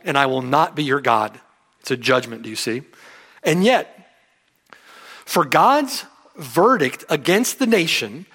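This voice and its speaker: Male preacher, fairly high voice, animated delivery, emphatic sermon reading. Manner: emphatic, rising and falling sharply for stress.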